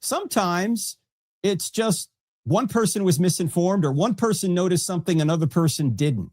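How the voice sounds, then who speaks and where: A man in a played clip, explaining things in a measured way and reasoning through the details. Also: high-pitched, animated, darkish tone. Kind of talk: explanatory talk.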